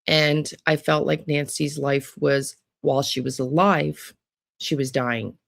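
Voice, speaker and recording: An American true crime vlogger with a gravelly, creaky voice delivers a rambling monologue straight to viewers. The sound is close and dry, with no room in it. The talk keeps restarting and trails off into asides. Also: medium pitch, steady tone, takes it slowly, fairly bright tone, no room sound. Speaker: true crime psychic channel host.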